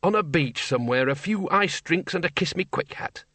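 Male reader as a fussy, sneering wizard dean, pitched up, dry close mic. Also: lively intonation, normal speed, pushed and bright, dry recording.

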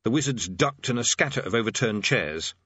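A man's voice: medium pitch, expressive, a little fast, sharp tone, husky, no echo, dull audio. A man narrating an audiobook with a dry, wry delivery.

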